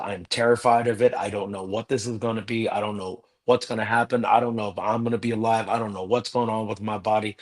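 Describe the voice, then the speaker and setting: A man telling a personal story earnestly as a guest in a live interview. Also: on the low side.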